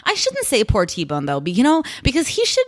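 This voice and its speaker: A woman co-hosting a casual podcast, her pitch swinging widely as she talks. She is animated and profane, peppering her speech with "like". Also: brisk. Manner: animated, swearing, frequent "like". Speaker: podcast co-host. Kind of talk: casual chat.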